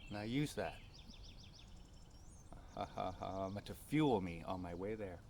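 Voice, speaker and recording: A man's voice: sits low, lively intonation, measured pace, creaky, warm tone. Male vlogger, earnest, rambling personal storyteller, outdoor feel with faint background noise. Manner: earnest, rambling, many fillers.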